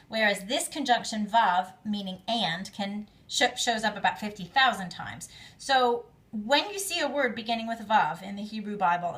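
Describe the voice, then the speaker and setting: Female teacher, bright and clear tone, patient lecture delivery with casual fillers. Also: medium pitch. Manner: patient, explains step by step with fillers. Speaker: Hebrew teacher. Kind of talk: classroom grammar lecture.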